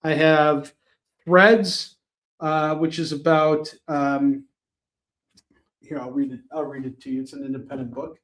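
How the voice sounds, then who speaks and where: A man hosting a live shopping stream, chatting casually with viewers by name and pitching items between self-mocking jokes. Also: level tone, measured pace, pauses often, fairly bright tone.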